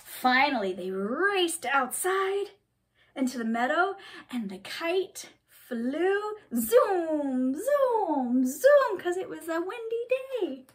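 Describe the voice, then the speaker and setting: A woman hosting a children's story time, reading a picture book aloud in a sing-song, animated way with exaggerated sound effects. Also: extremely high pitch, slow pace, slight background noise.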